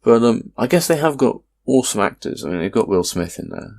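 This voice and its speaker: A man's voice: medium pitch, very animated, a little fast, gravelly, a little mellow. A man with a British accent, co-hosting a casual gaming podcast and giving blunt, dry opinions. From Britain. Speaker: podcast co-host. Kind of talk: casual chat.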